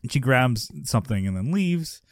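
Animated man recapping a sitcom, laughing. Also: normal speed, no room sound, clean studio sound. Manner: animated, laughs often, acts out characters in a high yelling voice. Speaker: podcast co-host. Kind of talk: casual chat recapping a sitcom episode.

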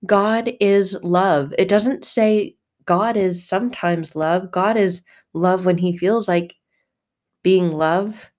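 A woman's voice: medium pitch, darkish tone. A woman giving a casual spiritual monologue, speaking emphatically and bluntly, with repetitive phrasing. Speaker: faith vlogger.

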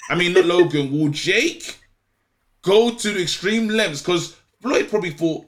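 A man's voice: high-pitched, measured pace, fairly bright tone. A young man in casual chat, emphatic and often checking in with "yeah?".

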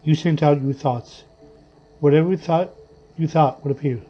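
A man narrating a story in a measured, dramatic reading style. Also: on the high side, steady tone, slightly rough. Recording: dull lo-fi audio with faint music.

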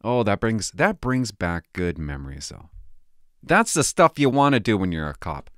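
A man's voice: fairly low pitch, very animated, normal speed, no echo, clean studio sound. A former police officer talking casually to camera, nervous and laughing to himself as he pries open a device. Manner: nervous, laughing, talks to himself while tinkering. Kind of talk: casual vlog narration.

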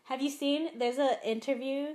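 A young woman chatting casually, gushing and excitable, full of fillers. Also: sits high, moderate pace. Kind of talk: casual chat.

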